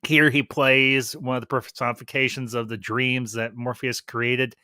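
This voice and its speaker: A man's voice: medium pitch, flat delivery, normal speed, bright, forceful tone, clean tone, no echo, clean studio sound. A man hosting a casual review stream, chatting with enthusiasm and restarting his phrases often. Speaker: YouTube reviewer.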